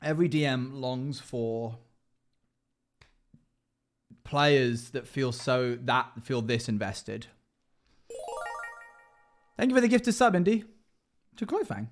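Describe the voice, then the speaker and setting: A man's voice: medium pitch, expressive, slow, long pauses, soft background music. A man streaming live as a dungeon master, chatting emotionally and rambling as he reacts to chat. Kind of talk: casual livestream chat.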